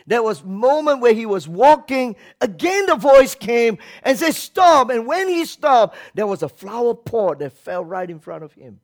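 A man with a high voice preaching a sermon. He swings between loud, emphatic bursts and low, quiet asides, and acts out the voices in the stories he tells. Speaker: pastor.

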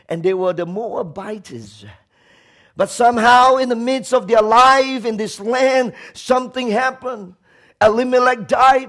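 A man preaching a sermon, swinging from loud, shouted lines to quiet, low passages and acting out laments with emotion. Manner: acts out quoted prayers and laments with emotion. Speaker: pastor.

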